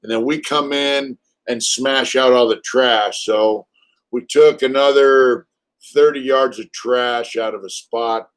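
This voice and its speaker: A Californian channel host in his fifties speaks in a mid-range, fairly even voice, slow and clear with a resonant tone. He runs a casual live stream, telling stories bluntly and with lots of swearing, and raises his voice when acting out quotes.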